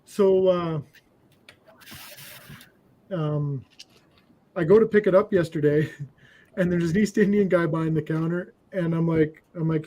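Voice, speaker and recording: A man's voice: on the high side, fairly even intonation, a little slow, long pauses, mellow. A man hosting a casual livestream chat with friends, telling stories and laughing as he goes. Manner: storytelling, laughs between lines. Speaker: livestream host.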